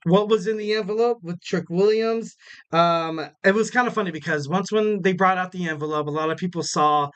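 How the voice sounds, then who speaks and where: A man's voice: high voice, a little fast, a bit bright, smooth, muffled recording. A young man hosting a solo podcast, recapping in a loose, rambling way with lots of fillers and jokey asides. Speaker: podcast host. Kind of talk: casual solo wrestling recap.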